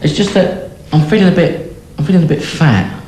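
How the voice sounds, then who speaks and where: An actor playing a patient who delivers deadpan one-liners. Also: male voice, on the high side, a little fast, reverberant, natural voice, poor audio. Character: deadpan joking male patient.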